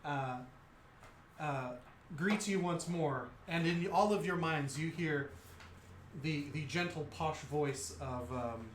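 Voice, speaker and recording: A man's voice: on the high side, slow pace, echoey room, a little hiss or hum. A man narrating a tabletop game as game master, playful and rambling.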